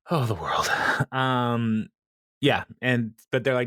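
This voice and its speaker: A man's voice: mid-range voice, takes it slowly, long pauses, a bit bright, no echo, studio quality. A man casually recapping a sitcom episode, rambling, laughing often and acting out quotes. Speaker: podcast co-host.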